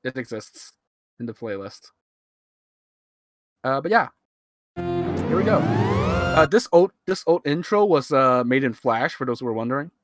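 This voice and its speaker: A Hong Kong man in his twenties, with a Hong Kong English accent that leans partly American, comments casually on his old video during a live stream. His voice is medium-pitched and lively, at a measured pace with frequent pauses, over a noisy background. He rambles, chuckles and mocks himself, speaking into a cheap USB mic.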